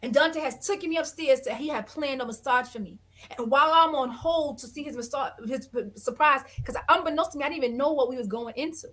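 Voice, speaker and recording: A woman guest on an interview podcast, telling a story in a blunt, dramatic and expressive way, acting out other people. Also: high-pitched, quick pace. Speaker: guest, reality dating show cast member.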